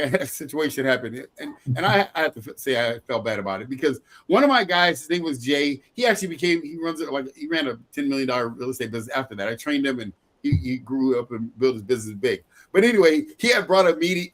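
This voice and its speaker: Emphatic man giving a sales training talk. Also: a little high. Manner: emphatic, repetitive, laughs often.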